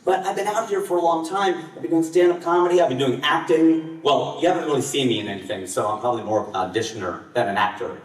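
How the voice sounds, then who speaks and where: A man in his late forties performing a live stand-up comedy set on a festival stage, with his voice jumping up in pitch and volume on the punchlines. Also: quick pace, few pauses, slight background noise. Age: 40s. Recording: echoey hall, voice from far off.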